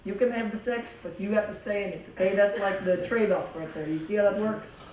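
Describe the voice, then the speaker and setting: A man's voice: sits high, fairly even intonation, fairly quick, darkish tone, recorded from a distance. Young man preaching in an echoey hall. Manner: casual, joking, emphatic. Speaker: youth pastor. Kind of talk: youth sermon. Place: church youth hall.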